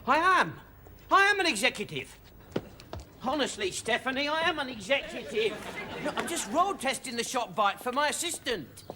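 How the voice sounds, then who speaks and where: A man's voice: extremely high pitch, very animated, moderate pace, crowd noise. A young man playing a sheepish, mopey errand boy pining for a girl. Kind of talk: sitcom acting. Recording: noisy TV sitcom recording.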